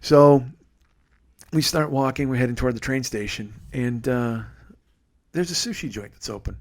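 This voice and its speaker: A man in his forties, a comedian and podcast host, telling a story in an animated, profane, sarcastic way. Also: medium pitch, normal speed, long pauses. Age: 40s.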